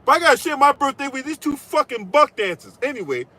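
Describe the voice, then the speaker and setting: A man's voice: very high voice, very animated, fast, pushed and bright, poor audio. A man hosting a political commentary channel, delivering a profane, mocking rant full of crude trash talk and repeated "right?".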